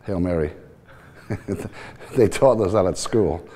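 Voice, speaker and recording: A man in his sixties with a mixed Irish and Liverpool accent, telling his life story in a relaxed, rambling interview. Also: low voice, slow. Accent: Irish and Liverpool mix. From Ireland and England. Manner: relaxed, rambling, laughs easily. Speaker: team owner, interview guest.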